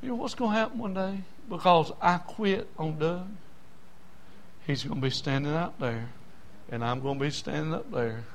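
Older preacher guy, kinda high voice, goes from quiet to hollering. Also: moderate pace. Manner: impassioned, swings from hushed to shouting. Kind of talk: sermon.

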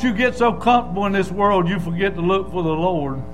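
Fiery high-voiced preacher. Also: male voice, a little fast, soft background music, rough recording. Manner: hollering, swings from low asides to loud shouts. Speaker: Baptist preacher. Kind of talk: fiery sermon. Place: church.

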